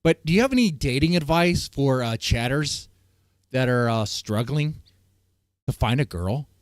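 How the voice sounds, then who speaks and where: A man's voice: mid-range voice, animated, measured pace, dry recording. Male host, crude jokes, rambling, dry close sound. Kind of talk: casual chat.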